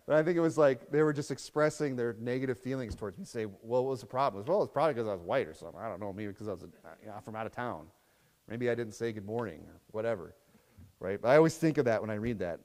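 A man delivers a sermon in a loose, chatty manner, breaking up scripture readings with asides and tag questions. His voice sits at a middling pitch. A long reverb trails each phrase, as in a church hall. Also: quick pace, a little mellow. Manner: reads scripture aloud in King James wording. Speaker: pastor.

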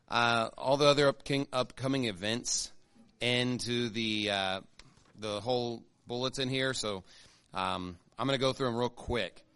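Pastor reading church announcements. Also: male voice, mid-range voice, sharp tone, dry recording. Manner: casual, conversational, many fillers and restarts. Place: church sanctuary.

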